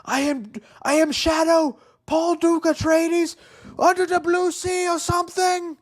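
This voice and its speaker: A man doing a high mocking movie-star impression. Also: little pitch movement, unhurried.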